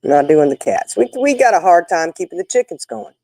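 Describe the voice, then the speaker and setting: A woman's voice: lowish voice, expressive, fairly quick, warm tone, no echo, low-quality recording. An older woman, hosting a casual chat with viewers and telling folksy stories. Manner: folksy, chatty storytelling. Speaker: livestream host.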